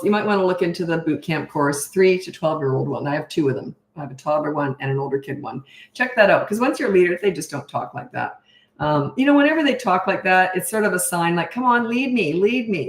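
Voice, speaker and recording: A woman's voice: fairly low pitch, brisk, reverberant. A middle-aged woman, a parenting coach, answering questions in a frank, chatty way and laughing at herself. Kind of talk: casual live Q&A chat.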